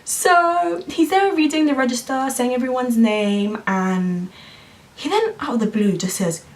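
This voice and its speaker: A woman, telling an animated story to camera in a vlog. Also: on the high side, moderate pace, gravelly, distant mic. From London, England. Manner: animated, acts out quoted voices. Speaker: vlogger.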